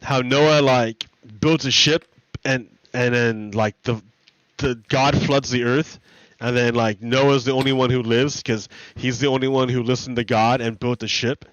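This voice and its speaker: A man's voice: mid-range voice, fairly even intonation, unhurried, no echo, dull audio. A man streaming, retelling stories in a rambling, profane way full of restarts. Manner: rambling, profane, self-correcting. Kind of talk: casual rambling storytelling.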